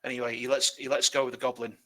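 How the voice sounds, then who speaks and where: Male game master, bright tone, halting narration. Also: medium pitch, little pitch movement. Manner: loose and halting, with many fillers and restarts.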